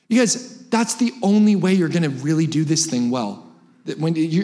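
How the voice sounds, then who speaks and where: Energetic high-voiced young male preacher. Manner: animated, humorous, rapid-fire with sudden high-pitched exclamations. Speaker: guest preacher. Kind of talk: energetic sermon. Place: church sanctuary.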